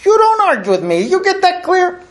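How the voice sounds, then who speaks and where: A man's voice: very high-pitched, huge pitch swings, fairly quick, a bit bright, voice pushed up, heavily acted. A man voicing a hot-tempered, gun-toting southern woman who makes brash threats. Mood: threatening.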